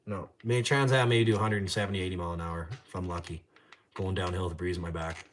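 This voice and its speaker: A man's voice: deep voice, steady tone, fast talker, slight background noise. A young Canadian man hosting a casual livestream from his garage, rambling and swearing as he reads chat. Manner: rambling, profane, trash-talking. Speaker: livestream host. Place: home garage.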